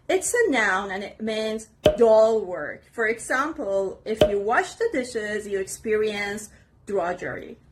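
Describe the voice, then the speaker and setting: Slow, careful woman teaching vocabulary. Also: a little high, fairly bright tone, slight background noise. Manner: slow, deliberate, repeats each word for stress. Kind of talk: scripted vocabulary lesson.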